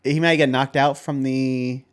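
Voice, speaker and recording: Male co-host, mid-pitched, laid-back, thinks out loud through plot points. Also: steady tone, unhurried, smooth. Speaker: podcast co-host. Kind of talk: casual movie discussion podcast.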